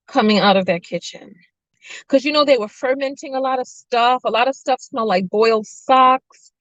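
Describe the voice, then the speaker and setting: A woman's voice: a little high, normal speed, no echo, highs cut off. A woman hosting a mukbang livestream, chatting casually with viewers and telling stories between bites. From family from Nevis. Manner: chatty, storytelling, playful asides to chat. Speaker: mukbang host. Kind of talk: casual chat with live viewers.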